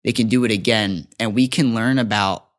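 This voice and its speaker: An eighteen-year-old man, a podcast guest, talking in an excitable, rambling way with many restarts. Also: fairly low pitch, moderate pace. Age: teens. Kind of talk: casual podcast interview.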